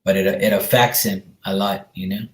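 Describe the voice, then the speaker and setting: A man's voice: low voice, steady tone, moderate pace. A man, working as a medium and giving a casual, reassuring reading to a viewer, often calling her sweetheart. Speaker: psychic medium. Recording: echoey room.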